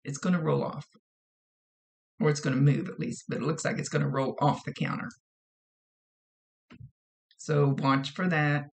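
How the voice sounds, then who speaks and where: A woman's voice: deep voice, steady tone, moderate pace, vocal fry, long pauses. A woman working as a psychic medium who gives a casual reading, relaying messages and direct advice and often repeating her phrases.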